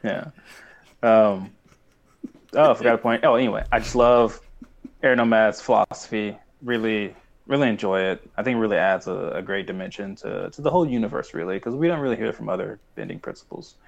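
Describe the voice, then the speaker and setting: Young male co-host, low-pitched, rambling and animated. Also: a little fast, vocal fry, muffled recording. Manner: rambling, animated, acts out quoted lines. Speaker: podcast co-host. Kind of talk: casual chat recapping a cartoon.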